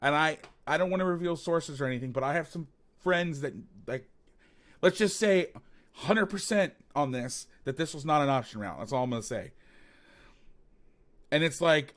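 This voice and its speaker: A man's voice: fairly high pitch, moderate pace, fairly bright tone. A man hosting a football film breakdown, talking casually and animatedly, swearing, rambling with restarts.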